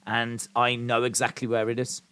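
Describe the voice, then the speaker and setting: Male stream host, mid-pitched, dry close sound, rambles through chat replies. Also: monotone, moderate pace, sharp tone, smooth, no room sound. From English Midlands. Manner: rambling, reads out and answers chat comments. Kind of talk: casual live-stream chat.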